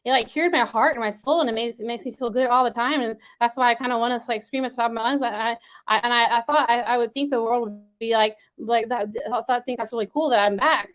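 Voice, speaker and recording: Fast-talking rambling woman guest. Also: on the high side, steady tone, fairly bright tone. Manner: rambling, many restarts and "like"s. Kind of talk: casual interview talk.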